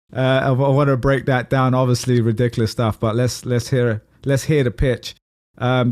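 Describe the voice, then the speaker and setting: A man's voice: medium pitch, dry recording, clean studio sound. A man co-hosting a casual podcast chat, talkative and easy to laugh, steering the topics and asking his co-host questions. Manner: chatty, laughs easily, asks co-host questions.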